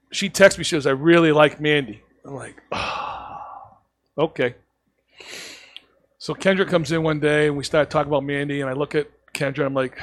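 A man who owns a cigar shop tells stories in a casual podcast chat, animatedly acting out the lines he quotes. His voice is mid-range, with no echo.

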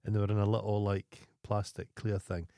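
A man's voice: fairly low pitch, flat delivery, a little fast, warm tone, no echo. Scottish male podcast co-host, mocking and foul-mouthed, dead dry recording. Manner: teasing, swears freely, acts out anecdotes. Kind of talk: casual banter.

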